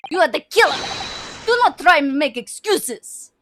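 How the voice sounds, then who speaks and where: A woman voicing a gruff, accusing male ship officer in a clipped, threatening put-on accent. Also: sits high, expressive, normal speed, music in the background. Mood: menacing.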